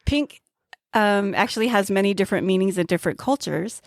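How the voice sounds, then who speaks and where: A woman's voice: mid-range voice, a little fast, dry recording, studio quality. A woman co-hosting a casual podcast chat, teasing her co-host and reading from her notes on flower meanings. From grew up near Mount Graham, Arizona.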